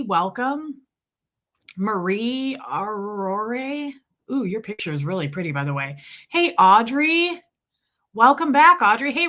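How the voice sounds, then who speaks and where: A woman hosts a casual livestream, her voice hoarse from being sick yet still bright and forward. She chats freely, greeting viewers by name and reading their comments aloud. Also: fairly high pitch. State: hoarse from illness. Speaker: livestream host.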